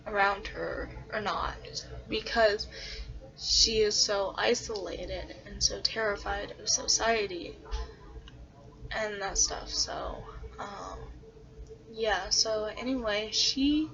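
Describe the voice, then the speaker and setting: Slow, hesitant woman telling a story. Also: medium pitch, sharp tone. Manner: hesitant, full of fillers. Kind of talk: casual storytelling. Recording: dull lo-fi recording.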